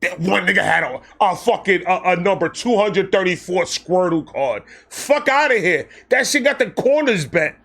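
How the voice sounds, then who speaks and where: A man telling a personal story in a casual vlog, excitable, animated and full of profanity. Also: high-pitched, moderate pace, few pauses. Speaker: storyteller host.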